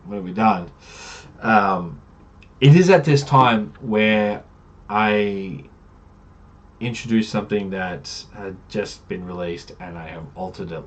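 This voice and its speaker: Brief: casual game master recap, rambling with fillers, slightly low voice. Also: male voice, muffled recording. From Australia. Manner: rambling, many fillers and self-corrections. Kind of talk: casual campaign recap narration.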